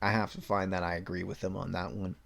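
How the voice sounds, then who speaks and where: A man's voice: low-pitched, flat delivery, quick pace, gravelly, a bit bright. A young man hosting a solo podcast, reading news items aloud and breaking off into blunt, sarcastic rants with swearing. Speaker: podcast host.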